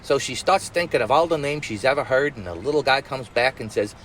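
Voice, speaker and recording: Streetwise storyteller uncle, lively pitch, slangy comic fairy-tale retelling, faint city traffic behind. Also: male voice, rough recording. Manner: streetwise slang, rushed and wisecracking.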